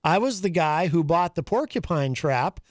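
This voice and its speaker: Lively high-voiced male talk host. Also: normal speed, dry recording, clean studio sound. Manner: reads chat messages aloud, laughs often. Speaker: radio talk show host. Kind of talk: casual studio banter.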